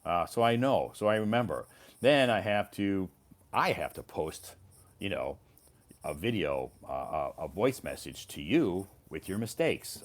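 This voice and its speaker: A male English teacher giving a casual live-stream lesson, explaining patiently and repeating words for learners. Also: low-pitched. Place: living in China.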